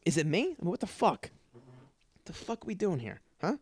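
A man hosting a podcast from his apartment, ranting with constant swearing, stuttering and repeated words, jumping between yelling and mumbling. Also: high-pitched, wildly swooping pitch, normal speed, husky, no echo. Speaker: podcast host. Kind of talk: profane ranting monologue. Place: his apartment, in a dark room. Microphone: studio microphone.

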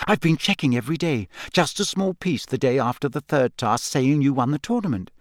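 A man voicing a clever, earnest teenage schoolgirl witch in an audiobook, talking in an eager, brisk, know-it-all way. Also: mid-range voice, animated, no room sound, studio quality, lightly acted. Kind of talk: audiobook character voice.

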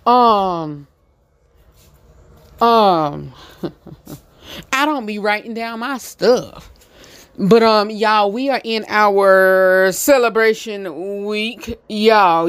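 Southern guy hosting his show, slow easy talk, smooth dry sound, keeps laughing n repeating himself. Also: high voice, fairly bright tone, dry recording. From North Carolina. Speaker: podcast host. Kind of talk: casual solo chat.

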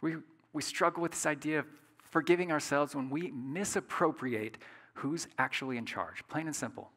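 A pastor delivers his sermon in a lively, conversational way, pressing points home and checking in with rhetorical questions. His voice sounds bright and forward. A long reverb trails behind him, as in a large hall. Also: fairly high pitch, normal speed. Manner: conversational, emphatic, asks the audience rhetorical questions.

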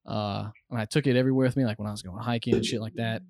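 A man's voice: fairly low pitch, steady tone, racing, creaky, a little mellow, no echo. A young American man telling a story on a podcast, rambling and swearing, with many fillers, close to the mic. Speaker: podcast guest. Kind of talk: casual storytelling. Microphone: close studio mic.

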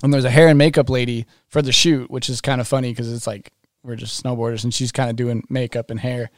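A man's voice: medium pitch, quick pace, dry recording, studio quality. A man, a pro snowboarder, telling funny stories on a casual podcast, laughing often and acting out quotes. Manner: laughing, animated, acts out quotes.

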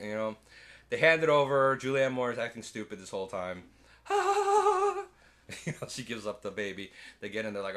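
A man's voice: mid-range voice, huge pitch swings, a little fast, a bit bright. A man in casual podcast chat, rambling through a movie plot, swearing often and acting out lines. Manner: rambling, swears a lot, acts out quotes.

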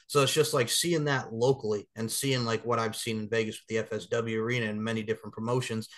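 Fast, enthusiastic New man host, emphatic and rambling. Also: lowish voice, fairly even intonation. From Long Island, New York. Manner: enthusiastic, emphatic, digresses and laughs. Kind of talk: casual interview chat.

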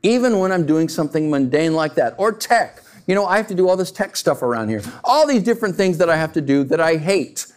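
A man preaching a sermon as a pastor, talking to the congregation in an animated, conversational way with frequent rhetorical questions. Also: high-pitched, quick pace, few pauses.

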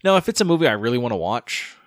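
A man's voice: medium pitch, big pitch swings, racing, no room sound. Dry-voiced man chatting, stammering restarts. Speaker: podcast co-host. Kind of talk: casual chat.

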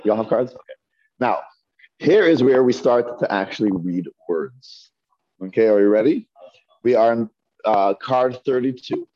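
A man's voice: mid-range voice, lively intonation, unhurried, dry recording, lo-fi sound. A man teaching a Hebrew reading class, patiently sounding out syllables one by one for his students. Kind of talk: classroom lesson. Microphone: earpiece mic.

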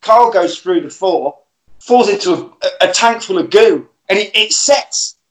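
A man with a high voice retells a plot to his co-hosts. The delivery is casual and animated, and he chuckles along as he goes. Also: unhurried, poor audio. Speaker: podcast host.

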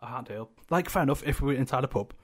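Young guy ranting fast on a pod, swears a lot, keeps laughing. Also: mid-range voice, expressive. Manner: sweary, rambling, laughs often. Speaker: podcast co-host. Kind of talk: casual chat.

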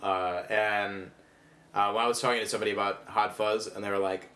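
A man's voice: fairly low pitch, flat delivery, a little fast, sharp tone. A man from the Midwest who is a comedian guest, chatting casually and joking, laughing often. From American Midwest. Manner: joking, jumps into silly voices, laughs often. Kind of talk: casual chat.

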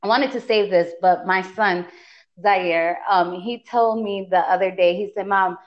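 A woman's voice: medium pitch, a little slow, highs cut off. A woman from Bridgeport, Connecticut, hosting a casual podcast interview, upbeat and encouraging toward her guest. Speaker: podcast host.

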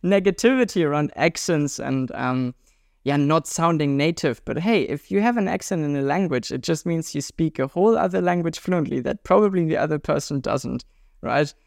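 Here a twenty-something guest from Germany, a juggler and world traveler, talks in an upbeat, chatty way with a German accent. His normal-speed delivery carries some vocal fry and rises in pitch when he's excited, captured dry at studio quality.

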